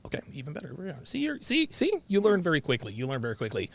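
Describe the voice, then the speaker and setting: A man's voice: fairly high pitch, wildly swooping pitch, fast, creaky, hardly any pauses, fairly bright tone, no room sound. A man hosting a livestream commentary show, talking in a blunt, brash way and swearing freely. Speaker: host.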